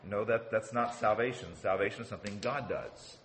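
Preaching in an earnest, teaching manner, a man builds his point by repeating words and often checks in with "okay" as a signpost. His voice is fairly low and fairly bright, and his delivery is brisk with hardly any pauses.

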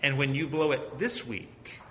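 A man's voice: medium pitch, expressive, a little slow, noisy background. A man teaching a Bible study as pastor, earnest and asking his group questions. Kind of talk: conversational sermon. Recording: echoey room.

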